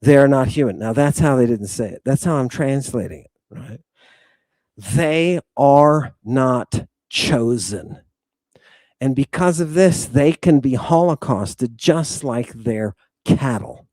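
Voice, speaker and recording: A man's voice: medium pitch, lively intonation, takes it slowly, darkish tone, no echo, clean studio sound. A man hosting a livestreamed lecture, combative and emphatic, addressing his audience directly and repeating his points. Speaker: host.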